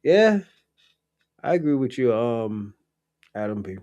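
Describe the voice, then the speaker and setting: A man's voice: medium pitch, sing-song, slow, mellow, no room sound, dull audio. A young adult man hosting a livestream, chatting casually in a blunt, profane, rambling storytelling way. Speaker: livestream host.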